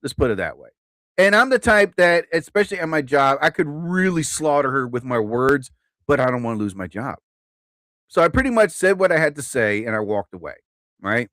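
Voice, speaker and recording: A chatty man in his fifties spins stories for a live-stream audience, his slightly high voice swinging up and down as he laughs at his own jokes. The sound is dry and close, with no room around it. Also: a bit bright, no echo. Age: 50s. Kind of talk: casual live-stream storytelling.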